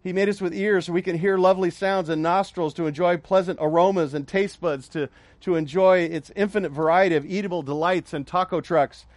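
Middle-aged pastor guy preaching, high voice, repeats stuff, gets the crowd to say it back, cracks little jokes, dry sound. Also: fairly even intonation, a little fast, dry recording. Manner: call-and-response, joking asides, emphatic repetition. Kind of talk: sermon.

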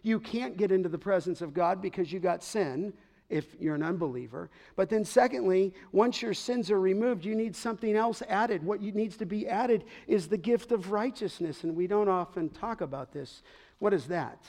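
A middle-aged man preaching a sermon as pastor, emphatic, pausing to ask the congregation to fill in words. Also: high voice, animated, a little mellow.

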